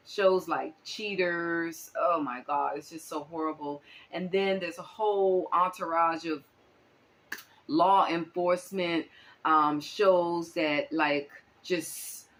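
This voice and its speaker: A woman from the United States talking through a casual monologue as a channel host, animated and exclaiming, with many fillers. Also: low voice.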